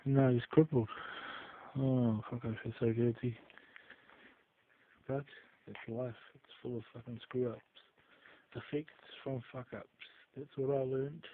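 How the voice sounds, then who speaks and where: A man telling rambling stories in a casual vlog, swearing freely and trailing off into quiet asides. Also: mid-range voice, level tone, a little slow, pauses often. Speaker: vlogger. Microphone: phone. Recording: tinny phone-like sound.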